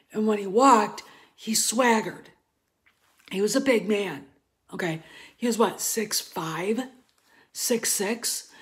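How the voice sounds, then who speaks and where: Slow-talking blunt woman ranting. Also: medium pitch. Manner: blunt, profane, drops to murmurs then flares up loud. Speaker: vlogger. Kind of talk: casual ranting commentary.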